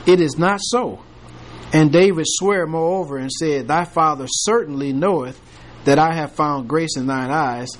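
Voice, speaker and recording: A man's voice: fairly high pitch, normal speed. Folksy man teaching from scripture. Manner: reads scripture aloud then retells it with playful humor and laughter. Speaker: Bible study teacher. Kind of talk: casual Bible study teaching.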